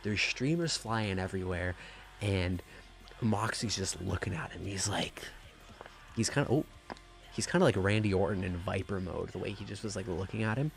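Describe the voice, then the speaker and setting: A man giving a rambling, gushing, profane wrestling review in a casual excited style. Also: sits low, normal speed, creaky, faint music behind.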